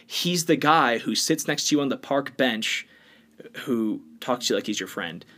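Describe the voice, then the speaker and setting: A man co-hosting a podcast, talking bluntly and opinionatedly in casual chat, swinging between louder bursts and quiet stretches. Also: mid-range voice, lively intonation, normal speed. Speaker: podcast co-host.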